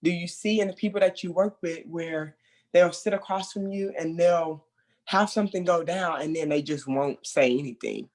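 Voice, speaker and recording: A speaker leading a mentor training session in a conversational way, acting out remembered quotes loudly and laughing between points. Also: mid-range voice, moderate pace.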